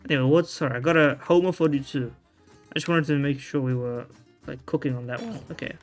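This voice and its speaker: A man's voice: on the high side, quick pace. Rambling man narrating his gameplay. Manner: rambling, self-interrupting, casual slang and swearing. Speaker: video game streamer. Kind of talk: casual gameplay commentary. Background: faint game music.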